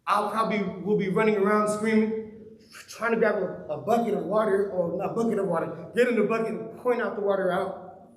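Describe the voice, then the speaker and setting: A man's voice: sits high, steady tone, fairly quick, roomy sound, low-quality recording. A man preaching a sermon in a conversational way, asking his listeners question after question. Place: church hall.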